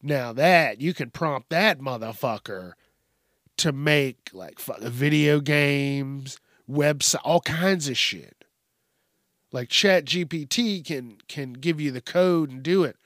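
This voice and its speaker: A man's voice: on the high side, takes it slowly, a bit bright, no room sound, clean studio sound. A man hosting a podcast, giving rambling, profane, casual commentary on the news. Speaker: podcast host.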